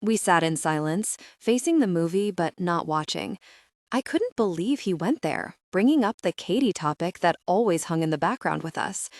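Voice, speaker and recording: A woman reading a first-person romance audiobook in an expressive, wry way, close to the mic. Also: fairly low pitch, normal speed, dry recording. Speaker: audiobook narrator.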